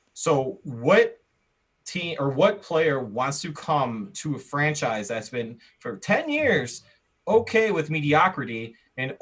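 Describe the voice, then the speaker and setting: An American man co-hosts a podcast and debates sports casually, sounding animated and argumentative while restarting many times. His voice falls on the high side.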